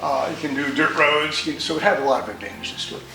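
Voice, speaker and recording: A man's voice: on the high side, fast talker, creaky, bright, forceful tone, echoey room, recorded from a distance, soft background music, poor audio. An older man from New York telling stories about his motorcycle in a rambling, folksy way with many restarts. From New York, USA. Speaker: interviewee, motorcycle owner. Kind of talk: storytelling interview.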